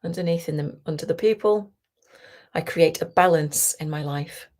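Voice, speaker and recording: A woman coach leading a guided tapping session, talking slowly and soothingly and often dropping to a whisper. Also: sits low. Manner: slow, soothing, softly guiding with whispered phrases.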